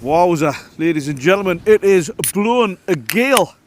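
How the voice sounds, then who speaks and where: A man hosting a casual outdoor camping vlog, joking and calling the viewers ladies and gentlemen. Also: high voice, expressive, moderate pace, a little hiss or hum. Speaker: vlog host. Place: outdoors at a windy campsite.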